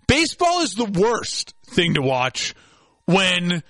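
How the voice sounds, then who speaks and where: A young man with a high, bright, forceful voice hosts an opinionated sports talk segment. He rants with rising excitement and breaks into shouting. The sound is dry and close. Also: takes it slowly, no room sound. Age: young adult. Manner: excitable ranting, bursts into shouting.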